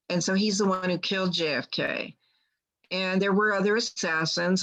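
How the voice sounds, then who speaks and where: The recording is rough, and the woman's voice is fairly low in pitch and a bit bright. As a guest healer, she rambles through a long personal story in casual storytelling, restarting often and quoting people plainly.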